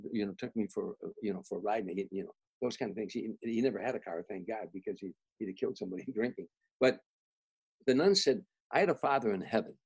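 With a fairly low, slightly gravelly voice, this older comedian from around Chicago spins meandering stories from his own life as a guest. He restarts often and repeats words, sometimes easing into a quiet, reflective tone, captured on a low-quality recording.

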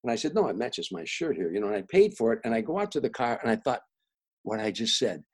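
A man's voice: mid-range voice, very animated, fast talker, poor audio. An older man from the Chicago area, a guest comedian telling rambling personal anecdotes with many restarts and repeated words. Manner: restarts, repeats words, grows soft and reflective.

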